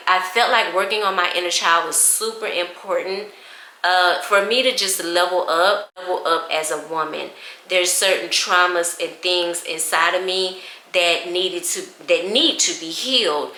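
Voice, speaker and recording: Lady in her 40s vlogging, talks straight to the viewers, bright voice, roomy echo. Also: lowish voice. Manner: emotional, chatty, addresses viewers as y'all. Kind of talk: casual storytime chat. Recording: echoey room.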